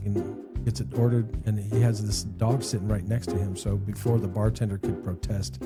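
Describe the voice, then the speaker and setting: A man's voice: fairly low pitch, level tone, moderate pace, over loud music. A man co-hosting a podcast, telling a rambling joke and leading casual chat. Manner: rambling storyteller, laughs at own jokes. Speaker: podcast co-host.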